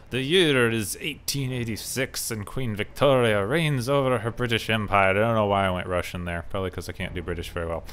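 A man's voice: lowish voice, a bit bright. A man hosting a gaming video, reading the game's story text aloud and adding wry, sarcastic asides in a casual let's play style. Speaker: gaming channel host.

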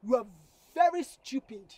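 A sharp-tongued young woman. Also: high voice, animated, a little slow, no room sound. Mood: scolding. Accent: Nigerian English. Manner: scolding, scornful.

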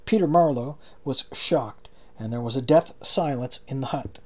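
Steady and measured, a mid-range male voice narrates as an audiobook reader.

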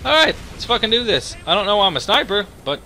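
A young man hosting his own channel, giving excitable, profanity-laden live commentary while playing a game. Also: high-pitched, fast talker, slight background noise. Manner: excitable, swears a lot, reacts loudly. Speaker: gaming channel host.

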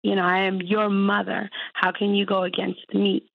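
A woman calling in to an advice show, talking hesitantly and haltingly about a painful family matter. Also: mid-range voice, flat delivery, creaky, no echo, phone-quality sound. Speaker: caller. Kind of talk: call-in conversation.

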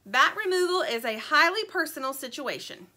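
A tough-talking little chick detective who snaps out short, blunt lines, as a woman reading the story puts her on. The voice sits high and bright, with a hard-boiled edge to every phrase. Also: expressive, normal speed. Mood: gruff.

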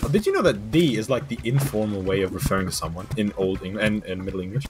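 A man's voice: on the low side, fast. A young man chatting casually while playing a game, joking and yelping. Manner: joking, excitable yelps. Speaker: gamer. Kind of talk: casual let's-play chat. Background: game music.

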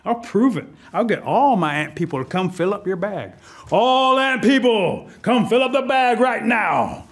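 A shrill, indignant queen ant barks questions and orders in a high, pinched voice, as a male storyteller puts her on. She sounds bossy and proud, ready to prove anyone wrong in this told folk tale. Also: expressive, a little fast, slightly rough. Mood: boastful. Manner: demanding, indignant.

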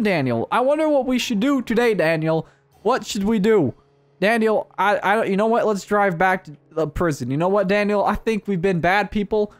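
A young man giving playful, jokey gameplay commentary as a YouTuber, breaking into high excited yelps. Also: dry recording. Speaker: gaming YouTuber.

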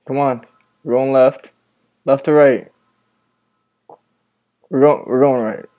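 Slow and fairly even in intonation, this man's mid-range voice has a dark tone with the highs cut off. He's a gamer playing a horror game with a friend at night, in a room at home with the lights on, nervously commenting and swearing into his headset.

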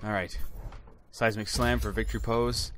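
A man giving excited, chatty commentary while opening game loot boxes, exclaiming loudly at good items and talking to his viewers. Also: on the low side, moderate pace, over music. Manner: chatty, addresses viewers as guys. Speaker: gaming YouTuber.

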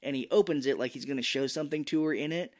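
A man's voice: medium pitch, rapid-fire. A man co-hosting a podcast, casually recapping a movie and slipping into silly voices. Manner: animated, slips into silly put-on voices. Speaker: podcast co-host.

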